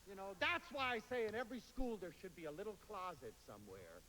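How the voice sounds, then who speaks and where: Guy giving a big lively talk, high voice bouncing all over, faint hiss on the tape. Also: quick pace. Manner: animated storyteller, quotes others in playful voices. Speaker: public speaker. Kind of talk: lively lecture to an audience. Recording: hall reverb, faint hiss.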